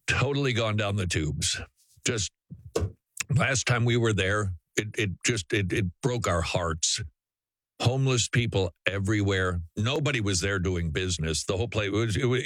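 A man's voice: fairly low pitch, fairly bright tone, dry recording. A man from Saint Paul, Minnesota, hosting a radio talk show in a sarcastic, mock-emotional monologue. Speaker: radio host.

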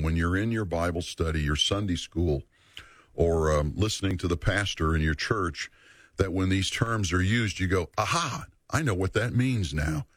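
Deep-voiced earnest man teaching scripture. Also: no room sound. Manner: earnest, measured, repeats for emphasis. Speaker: Bible teacher. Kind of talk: teaching a Bible study series.

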